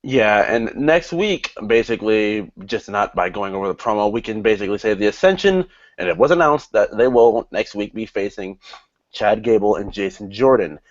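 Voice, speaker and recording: A man's voice: on the low side, expressive, moderate pace, muffled recording. A man casually co-hosting a wrestling review, blunt and profane in his opinions. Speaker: podcast co-host.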